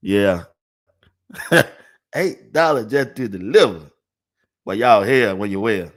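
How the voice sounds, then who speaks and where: An older man hosts a casual sports talk livestream at an unhurried, drawn-out pace. He laughs often and repeats the same phrases several times in a row, chatting loosely with his viewers. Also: fairly low pitch, animated. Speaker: sports talk show host.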